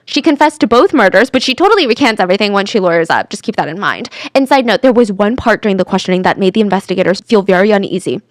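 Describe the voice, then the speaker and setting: A woman telling a true crime story in a chatty, animated way, sometimes dropping to a whisper for drama. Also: medium pitch, fast talker, few pauses, no echo, clean studio sound.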